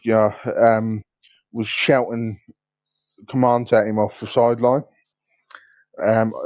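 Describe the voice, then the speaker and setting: A man co-hosting a casual football podcast, talking in a relaxed, hesitant way with many pauses. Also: on the low side, no echo. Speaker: podcast co-host. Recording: dull dry lo-fi sound.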